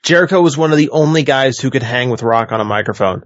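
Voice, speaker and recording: A man's voice: mid-range voice, expressive, quick pace, dry recording. A man in casual chat, leaning heavily on fillers like "like" and restarting his sentences often. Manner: filler-heavy, many restarts. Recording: dull lo-fi sound.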